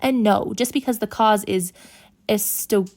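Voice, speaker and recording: A young woman in her twenties talks through her week in a casual vlog. Her delivery is dry and self-mocking, with a pitch in the ordinary middle range. When something irks her, she tips into a blunt, heated rant. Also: unhurried, a little mellow. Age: 20s. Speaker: vlogger giving a life update. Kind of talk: casual personal vlog narration.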